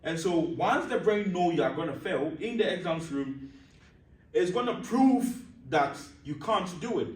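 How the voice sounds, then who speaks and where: A man teaches a class on handling exam nerves, his voice a little higher than most. He poses questions and answers them himself, repeating key points and checking that everyone follows. The sound is roomy and picked up from some distance, as if in a classroom. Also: lively intonation, measured pace. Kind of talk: classroom lesson on exam stress. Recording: roomy echo, mic at a distance.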